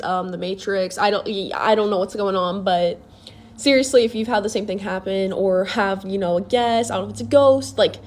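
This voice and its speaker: A young woman casually telling a storytime, chatty, full of fillers and swearing freely. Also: medium pitch.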